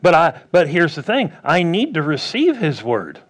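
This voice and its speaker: A pastor preaching a sermon in a plain, conversational way, asking the crowd rhetorical questions and acting out what people and God might say. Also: male voice, on the high side, huge pitch swings, normal speed.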